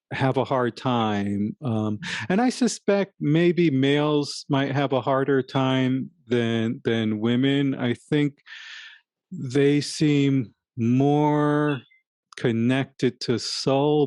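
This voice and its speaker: A man co-hosting a casual talk show, telling a personal story in a halting, rambling way with many restarts. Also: medium pitch, darkish tone, clear, resonant tone, dry recording, studio quality. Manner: self-reflective, acts out his own inner voice. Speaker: podcast co-host. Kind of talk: casual conversation.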